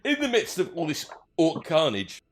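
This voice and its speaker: A man's voice: on the high side, huge pitch swings, normal speed. A man running a tabletop game as game master, joking around and laughing often.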